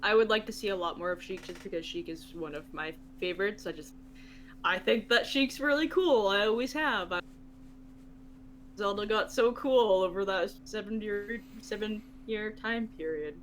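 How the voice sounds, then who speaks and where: Panelist, bright crisp tone, eager and quick, stumbles on words now and then. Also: mid-range voice, a little hiss or hum. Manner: eager, quick, tongue slipping. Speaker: podcast panelist. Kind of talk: casual podcast chat.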